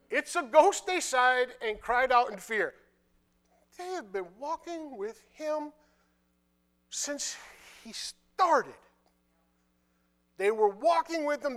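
Male preacher, scripture sermon, high voice, very lively delivery. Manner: animated, drops to quiet asides; retells scripture in casual dialogue.

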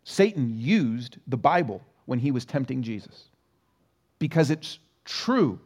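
A man's voice: medium pitch, very animated, unhurried, darkish tone. A man preaching a sermon as pastor in a church, talking conversationally and asking the congregation rhetorical questions. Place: church sanctuary.

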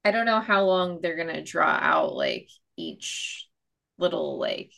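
A woman's voice: sits low, wildly swooping pitch, a little slow, gravelly, a bit bright. A woman hosting a casual comic book chat, rambling and swearing casually as she reviews each issue. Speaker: comic book podcast host.

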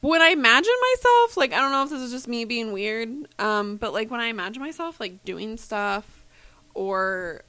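A woman's voice: on the high side, expressive, normal speed, sharp tone, smooth, no echo. A young woman co-hosting a casual podcast chat, joking and teasing. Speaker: podcast co-host.

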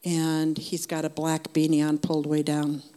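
An older woman with a low voice shares a faith testimony with her church group. She tells it earnestly and conversationally, with the long reverb of a large hall behind her words. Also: completely flat delivery, normal speed, dark tone. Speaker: member of a church group sharing.

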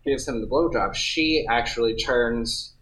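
A man's voice: medium pitch, a little slow, fairly bright tone, low-quality recording. A man co-hosting a podcast, chatting casually and telling a story in a rambling, self-interrupting way. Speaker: podcast co-host. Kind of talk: casual chat.

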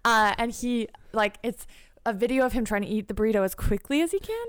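A woman's voice: on the high side, lively intonation, a little fast, clean tone, dry recording, studio quality. A woman co-hosting a podcast in casual chat, joking and giggly. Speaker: podcast co-host.

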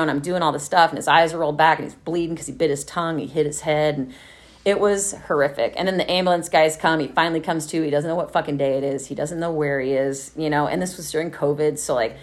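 A woman, telling a candid, profane story of her own recovery to a group. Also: deep voice. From Texas. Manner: candid, profane, laughing often, acting out the quoted voices. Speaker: speaker sharing a recovery story.

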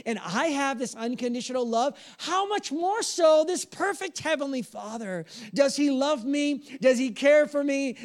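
A pastor in his thirties with a very high voice preaches a sermon. He's animated and jokes around, then slips into sudden soft, earnest passages.

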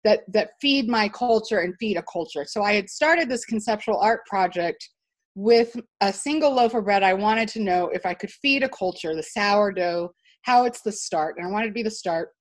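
A woman telling a personal story as an interview guest, animated and emphatic, with frequent restarts. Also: medium pitch, normal speed. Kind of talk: storytelling in conversation.

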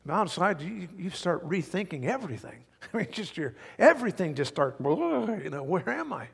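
A middle-aged male pastor preaching a sermon, telling stories with big swings from hushed to loud. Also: high-pitched, a little fast, creaky, slightly rough. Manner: animated storytelling, swings from quiet to loud. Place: large church hall. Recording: hall reverb.

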